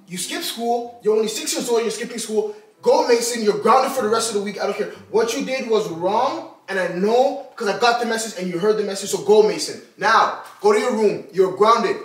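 A woman's voice: mid-range voice, lively intonation, moderate pace, reverberant, far from the mic, low-quality recording. A woman scolding her child sternly in a casual family vlog, her voice rising and falling a lot. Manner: stern scolding that turns to loud laughter. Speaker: parent pranking her child.

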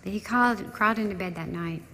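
A woman's voice: mid-range voice, fast, bright, forceful tone, a little hiss or hum. A woman in her sixties giving a heartfelt memorial tribute to her husband, telling stories with frequent restarts. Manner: emotional storytelling, trails off and restarts. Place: large church sanctuary. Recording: long church hall reverb with faint ambience.

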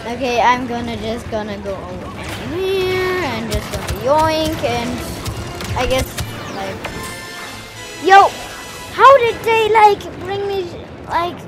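Excitable high-voiced woman gaming. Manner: excitable, lots of exclamations and fillers. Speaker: gaming video host. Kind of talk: live gameplay commentary. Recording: game music clearly behind. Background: video game music and sounds.

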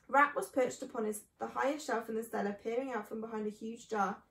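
Brief: woman storyteller reading a children's book aloud, high voice, echoey room. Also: fairly quick, few pauses, distant mic. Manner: expressive.

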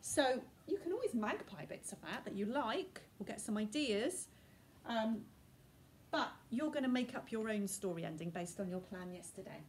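A woman's voice: medium pitch, animated, moderate pace. A woman, a primary school teacher thinking aloud as she models her writing in a chatty recorded lesson. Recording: distant mic, faint room noise.

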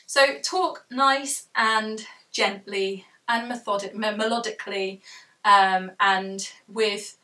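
A young woman with a southern English accent, chatting quickly and self-deprecatingly as she explains how she records her audiobook at home. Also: medium pitch, steady tone, sharp tone, distant mic, poor audio. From south of England. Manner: fast, chatty, self-deprecating, laughs often. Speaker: audiobook author giving tutorial. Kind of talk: casual how-to vlog. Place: home room with fabric fort.

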